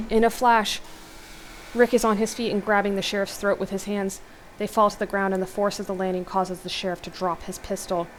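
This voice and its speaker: A woman host reading an interactive horror novel aloud, steady narration with exclaimed asides. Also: mid-range voice, slight background noise. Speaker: let's play host.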